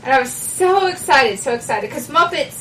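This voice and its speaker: A woman co-hosting a casual podcast chat, talking in quick, excitable bursts. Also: sits high. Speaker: podcast co-host. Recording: distant mic with faint room noise.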